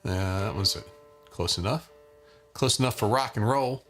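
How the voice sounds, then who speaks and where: This is casual live-stream teaching: a man leads a guitar lesson, greeting people by name and chatting with frequent fillers. His lowish voice is slightly bright, and he keeps a moderate pace.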